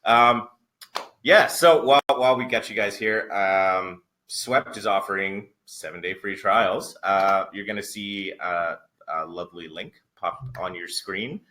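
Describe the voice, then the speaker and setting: Man from Canada, webinar host, lowish bright voice, upbeat, lots of ums. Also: unhurried. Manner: upbeat, filler-heavy, laughing along. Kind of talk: casual webinar Q&A.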